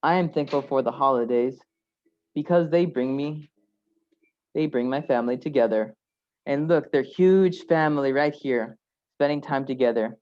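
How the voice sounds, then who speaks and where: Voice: mid-range voice, normal speed. Young reader, earnest simple sentences, show-and-tell, muffled video call.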